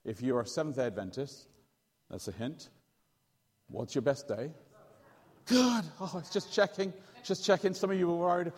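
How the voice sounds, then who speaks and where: A man, a pastor telling a story in a sermon, animated and joking with his congregation. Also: sits high, moderate pace, long reverb tail. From England. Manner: animated, jokey, quizzes the audience.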